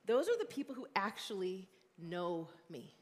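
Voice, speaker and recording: A woman in her forties gives a sermon in an earnest, conversational way, thinking aloud with frequent fillers. Her voice sits at an ordinary pitch for a woman. It rings out with a long reverb, as in a large church hall. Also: very animated, moderate pace. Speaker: guest preacher and youth ministry leader. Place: church sanctuary.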